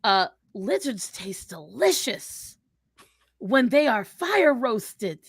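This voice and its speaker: A woman's voice: fairly high pitch, sing-song, slow, breathy edge, no room sound, clean studio sound, exaggerated voice. A woman voicing a sassy, brash redheaded character with a thick accent in a live character Q&A. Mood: teasing. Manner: teasing, defiant, playful.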